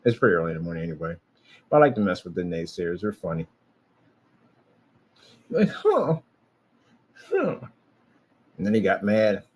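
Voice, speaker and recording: A man's voice: low-pitched, racing, rough recording. A man giving a rambling, boastful vlog monologue, repeating himself as he talks. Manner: animated, boastful, repetitive. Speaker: vlogger.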